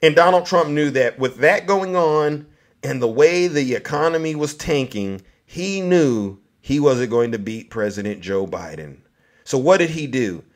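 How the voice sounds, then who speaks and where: A man's voice: mid-range voice, lively intonation, measured pace. A man hosting a political commentary vlog, mocking his targets and talking straight to his audience. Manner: mocking, addresses audience directly. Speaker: host.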